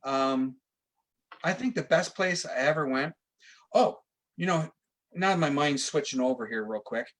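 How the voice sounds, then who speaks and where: A man talks as a guest, chatty and animated as he spins stories and laughs along with the host. His voice sits a little higher than most men's. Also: measured pace, pauses often. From Canada. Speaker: guest psychic medium. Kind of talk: casual chat.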